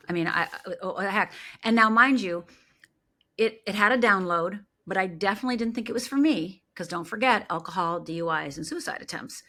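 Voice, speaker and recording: A middle-aged woman speaks with a bright, forceful voice. She tells her story with lively energy and acts out the people she quotes. She speaks as a life coach in a relaxed interview. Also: medium pitch, brisk.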